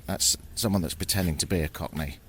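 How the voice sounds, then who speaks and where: Deep-voiced British man, outdoor field recording. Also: fast, a bit bright, slight background noise. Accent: British English. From Britain. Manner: chatty, wry and irreverent, with the odd swear. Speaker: travel podcast host. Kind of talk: casual travel audio diary. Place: outdoors in the jungle, on a river raft and at an outdoor kitchen. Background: chirping birds and crickets.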